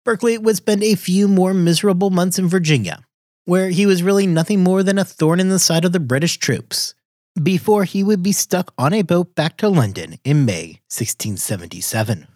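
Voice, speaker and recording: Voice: medium pitch, lively intonation, normal speed, darkish tone, dry recording, studio quality. A podcast host reading scripted history narration in a wry way, dropping casual asides.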